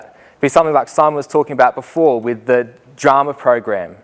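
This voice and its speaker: A man giving a talk to an audience, telling a lively anecdote and acting out the voices of the people in it. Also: mid-range voice, a little fast. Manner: animated storyteller, acts out voices. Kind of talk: storytelling conference talk.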